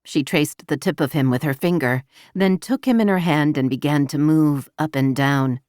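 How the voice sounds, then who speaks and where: Brief: female audiobook narrator, low voice, dry close studio sound, even intimate delivery. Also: normal speed, no room sound. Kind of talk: scripted romance narration.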